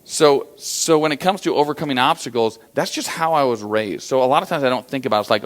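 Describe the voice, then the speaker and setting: A man's voice: medium pitch, lively intonation, fast talker, hardly any pauses. Folksy male motivational speaker on stage. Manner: folksy storytelling, conversational. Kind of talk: live keynote talk.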